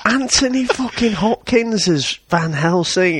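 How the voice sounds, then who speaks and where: Lively, sweary man reviewing films. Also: sits high, measured pace, few pauses, husky, no room sound. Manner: swears freely, laughs often, lively and mocking. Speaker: podcast co-host. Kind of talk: casual film review chat.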